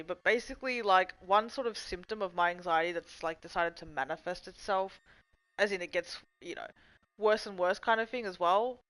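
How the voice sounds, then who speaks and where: A woman's voice: mid-range voice, fairly bright tone, smooth, poor audio. Chatty swearing woman streamer. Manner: rambling, swears freely, answers chat. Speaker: livestream host. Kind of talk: casual live-stream chat. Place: at home.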